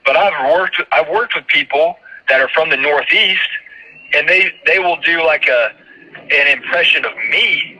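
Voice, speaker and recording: A man's voice: fairly high pitch, moderate pace. A man from Georgia with a light Southern accent, talking animatedly as a broadcaster guest in a casual interview. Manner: animated, emphatic, storytelling with quoted voices. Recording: muffled lo-fi phone-like line.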